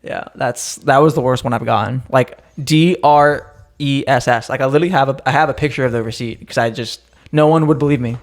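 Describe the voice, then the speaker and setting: Young male podcast co-host, chatty and meandering, ordinary mid pitch. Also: fast, hardly any pauses. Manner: rambling storytelling with frequent fillers. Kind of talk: casual chat.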